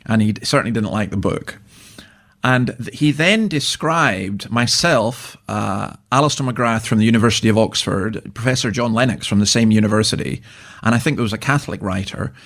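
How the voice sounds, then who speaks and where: Here the older Scottish minister, appearing as an interview guest, sounds fairly low and a bit bright, speaking at a moderate pace. He tells his stories chattily, chuckling and often beginning sentences anew.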